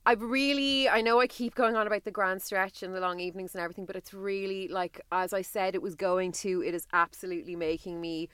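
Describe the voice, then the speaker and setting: A woman's voice: mid-range voice, steady tone, fast, few pauses, a bit bright, clean tone, no room sound, clean studio sound. A woman co-hosting a podcast, chatting playfully and laughing often. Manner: giggly, playful, sings along. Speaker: podcast co-host. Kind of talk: casual chat.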